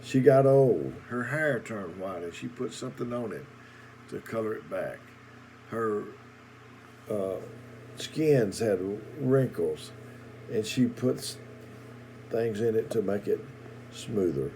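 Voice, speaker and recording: A middle-aged man preaching in a recorded sermon video, telling folksy stories with halting pauses and repeated words. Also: on the low side, animated, warm tone, slight background noise, low-quality recording.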